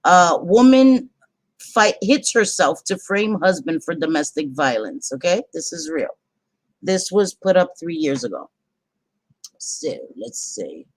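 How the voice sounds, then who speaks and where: A woman's voice: fairly low pitch, very animated, takes it slowly, dry recording. Chatty woman livestreamer, dry sound. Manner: chatty, apologetic, easily interrupted. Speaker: livestream host. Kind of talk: casual live commentary.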